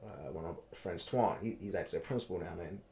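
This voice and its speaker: A man, telling his own story in a casual interview, animated and repeating himself for emphasis. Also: deep voice, fast, creaky. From Baltimore, United States. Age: 30s.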